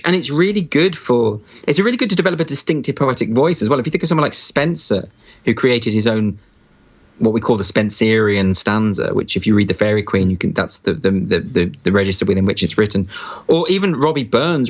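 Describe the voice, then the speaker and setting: Halting man chatting on a lo-fi call. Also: medium pitch. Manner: halting, many restarts and fillers. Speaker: guest. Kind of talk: casual conversation. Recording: dull lo-fi sound.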